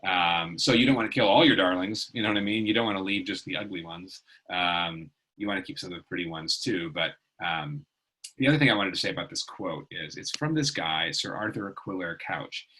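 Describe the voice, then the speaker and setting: A man's voice: deep voice, brisk, sharp tone, husky, poor audio. A middle-aged man teaching a casual online writing lesson, chatty and rambling, with lots of fillers.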